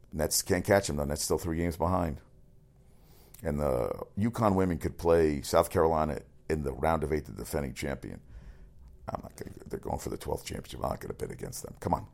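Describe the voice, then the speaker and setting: A man running through sports news as a radio host, rambling, excitable and swearing often. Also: low voice. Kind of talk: casual sports news rundown.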